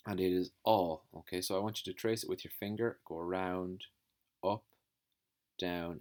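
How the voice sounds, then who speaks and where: A man teaching a phonics lesson to young children, slowly sounding out letters and words. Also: sits low. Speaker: primary school teacher.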